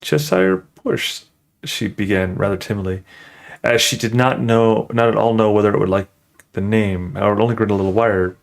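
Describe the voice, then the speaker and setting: A man's voice: fairly low pitch, steady tone, a little fast, gravelly. A man reading a storybook aloud on a livestream, breaking off for chatty, hesitant asides.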